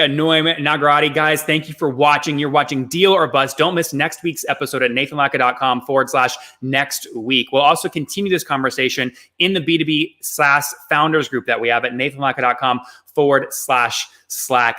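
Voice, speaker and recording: A man hosting a live online business show, wrapping up with brisk promotional remarks to viewers. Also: a little high, bright, forceful tone. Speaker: show host.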